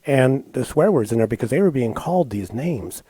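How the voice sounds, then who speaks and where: A man co-hosting a talk show speaks with a mellow, slightly husky voice. He agrees briefly and then adds his own points, in a dry, close sound. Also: medium pitch, expressive, moderate pace, dry recording. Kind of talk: talk commentary.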